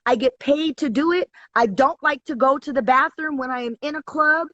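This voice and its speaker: A woman's voice: high voice, normal speed, fairly bright tone, dry recording. A woman guest in a casual chat, telling a story in a heated, profane, emphatic way over a live video call. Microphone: live online video call. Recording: dry, dull lo-fi stream audio.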